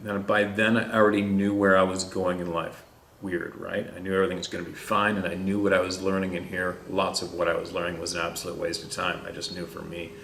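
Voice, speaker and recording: Canadian male host, very low voice, laid-back and rambling, roomy echo; casual storytelling. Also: fast, vocal fry, slight background noise. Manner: relaxed, rambling, drops "eh" and laughs. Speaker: podcast host.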